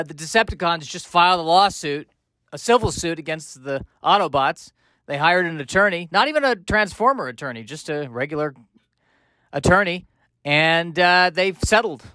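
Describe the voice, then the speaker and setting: A man's voice: fairly high pitch, fairly bright tone, no room sound. Dry-voiced joking male podcast host. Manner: joking, rambling, self-mocking asides. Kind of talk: comedic podcast monologue.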